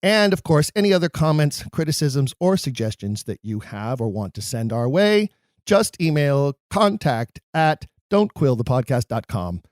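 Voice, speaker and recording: A man's voice: fairly high pitch, big pitch swings, normal speed, darkish tone, dry recording, studio quality. A man hosting a podcast, reading show announcements in an upbeat, promotional way. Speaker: podcast host.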